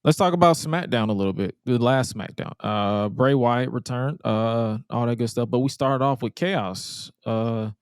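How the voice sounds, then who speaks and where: Smooth-voiced blunt man hosting a podcast. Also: medium pitch, normal speed, hardly any pauses, no echo, studio quality. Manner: blunt, profane, jokey. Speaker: podcast host. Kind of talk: casual podcast chat.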